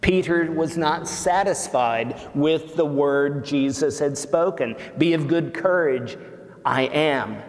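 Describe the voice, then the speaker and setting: A pastor preaching a sermon slowly and deliberately, rising for emphasis. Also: male voice, a little high. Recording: long reverb of a church hall.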